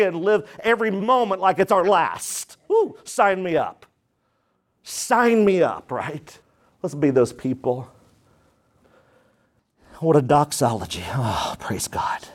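A pastor with a high-pitched voice delivers a fervent, emphatic sermon in church. He drives his points hard and calls on the congregation to answer back. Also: measured pace. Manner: energetic, emphatic preaching with call-and-response.

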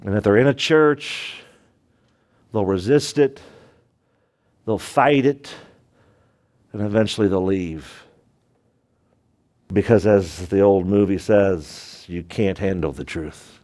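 With a fairly low voice, this preacher speaks slowly and pauses often. His sermon is emphatic, swinging between loud and hushed moments as he puts rhetorical questions to the congregation.

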